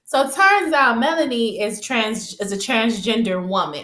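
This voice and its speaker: A woman casually recapping a TV episode, chatty and rambling, with frequent laughs and animated retelling. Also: on the high side, moderate pace, roomy sound.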